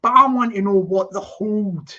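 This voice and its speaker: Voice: mid-range voice, moderate pace, sharp tone. A live commentator, rambling and repeating themselves, full of "you know what I mean". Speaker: livestream commentator. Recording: lo-fi livestream audio.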